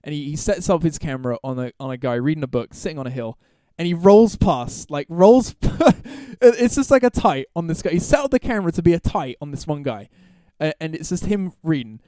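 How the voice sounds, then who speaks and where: A man's voice: fairly high pitch, lively intonation, a little fast, dark tone, no echo, clean studio sound. A man hosting a solo podcast, talking casually in long, rambling, profane stretches full of restarts and laughs. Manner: laughs through his stories. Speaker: podcast host.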